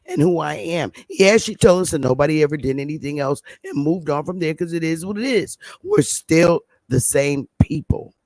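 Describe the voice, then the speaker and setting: A woman's voice: low voice, animated, normal speed, hardly any pauses, darkish tone, no echo. Emphatic middle-aged woman livestream host. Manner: emphatic, repeats points for stress. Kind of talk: livestream talk to viewers.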